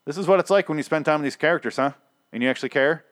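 A man's voice: on the high side, rapid-fire, fairly bright tone, no echo, clean studio sound. A man giving a casual, rambling recap of a TV episode, sarcastic and profane, often stammering as he restarts sentences. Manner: rambling and sarcastic, heavy swearing; stammers, repeating words as he restarts.

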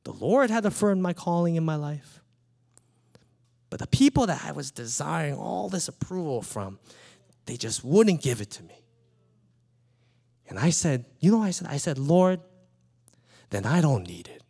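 Animated man preaching with lively pitch. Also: moderate pace, gravelly, long pauses. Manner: animated storytelling, acts out his small daughter's lines. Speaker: pastor. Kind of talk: sermon with personal stories.

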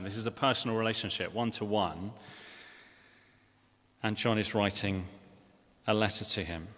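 A man's voice: lowish voice, lively intonation, normal speed, pauses often, a bit bright. A man preaching a sermon in a church, earnest and conversational, often restarting phrases and asking the congregation questions. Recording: long reverb of a church hall.

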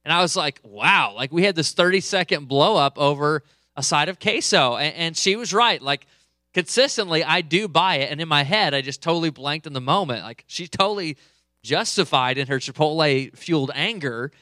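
A man's voice: fairly high pitch, expressive, normal speed, sharp tone, no echo. A man in his thirties preaching a sermon, telling a personal story in a joking, conversational way, a little under the weather. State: a bit under the weather, coughing. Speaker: pastor. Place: church hall, live service.

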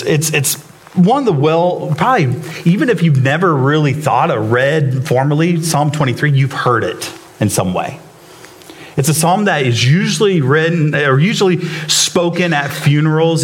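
Man preaching an off-the-cuff sermon. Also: medium pitch. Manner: casual, off-the-cuff, many restarts and fillers. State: emotional, near tears while telling a story. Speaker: church planter preaching. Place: church sanctuary with live congregation.

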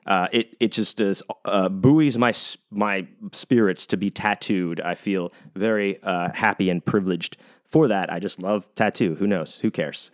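Deep-voiced and measured, this US podcast host delivers a casual monologue on his own. He rambles, curses a lot, and fills his talk with fillers and false starts.

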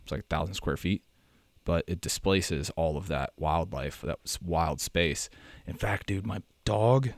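A man's voice: low-pitched, unhurried, dry recording. A young American man hosting a podcast, talking in a rambling, chatty way and often correcting himself. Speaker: podcast host. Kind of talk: casual monologue.

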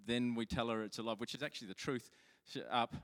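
A man's voice: mid-range voice, steady tone, fast talker, fairly bright tone. A man delivers a sermon in a loose, conversational way, often stopping to restart a sentence and poking fun at himself. His voice sits in an ordinary middle range. The sound rings out with a long reverb, as in a large hall. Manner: chatty, self-mocking storytelling with many restarts. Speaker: pastor.

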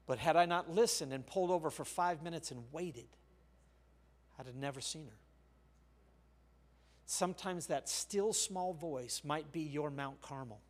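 An older male pastor preaching a sermon, telling a personal story with sharp shifts between quiet and loud. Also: fairly high pitch, unhurried, long pauses. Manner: storytelling, with big swings of loudness.

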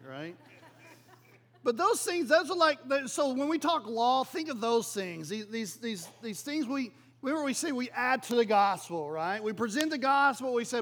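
A pastor preaching a sermon in a conversational way, often checking in with the congregation by asking "right?". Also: male voice, very high-pitched, big pitch swings, moderate pace, a bit bright, a little hiss or hum.

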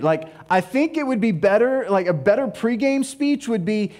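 A high-pitched male pastor delivers a sermon with lively, playful energy. He acts out little scenes and answers his own questions as he preaches. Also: normal speed. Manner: animated, playful storytelling with mock dialogue.

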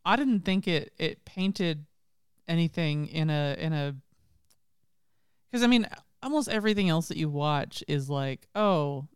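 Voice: medium pitch, animated, measured pace, smooth, no room sound. A podcast co-host speaking earnestly and hesitantly in casual chat.

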